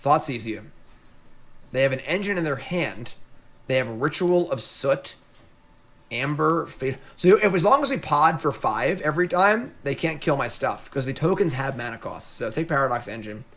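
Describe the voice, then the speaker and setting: A man streaming a card game from home, talking casually to his viewers with excitable commentary. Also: medium pitch, normal speed. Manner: excitable, talks to the audience as "folks".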